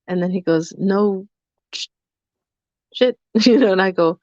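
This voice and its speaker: Woman, podcast co-host, lively storyteller, middle pitch, dull dry recording. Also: normal speed, dry recording. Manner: lively storyteller, acts out both sides of a dialogue. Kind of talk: casual podcast chat.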